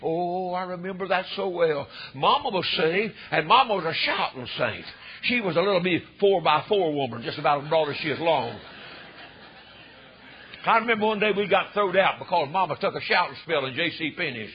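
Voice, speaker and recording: An older man, preaching a fervent storytelling sermon that swells into emphatic shouts. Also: a little high, expressive, fairly quick, a little hiss or hum. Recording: dull lo-fi recording.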